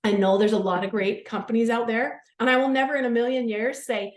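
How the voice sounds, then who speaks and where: A woman in her thirties giving an earnest, gushing testimonial pitch, peppered with "like" and close to tears at times. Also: fairly even intonation, brisk, roomy sound. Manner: gushing, earnest, says "like" often, chokes up at times. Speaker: guest speaker.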